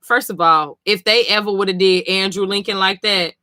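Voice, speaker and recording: Sleepy, exasperated woman with a bright voice. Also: mid-range voice, steady tone, moderate pace, no echo. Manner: blunt, profane, exasperated. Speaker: streamer reading comics live. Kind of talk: casual live reading reaction.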